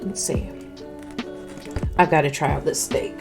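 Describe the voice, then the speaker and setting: A woman's voice: deep voice, a little slow, gravelly. A woman streamer in casual chat, eating as she talks, chewing between words and speaking candidly into a close mic. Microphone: close desk mic. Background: faint music.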